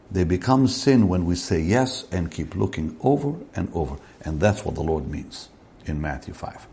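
A man preaching a sermon slowly and deliberately, rising in pitch to stress key words. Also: creaky, dark tone.

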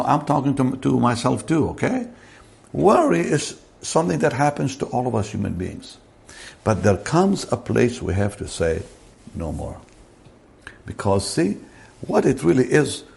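A man preaching a sermon slowly and deliberately, rising in pitch to stress key words. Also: vocal fry, darkish tone.

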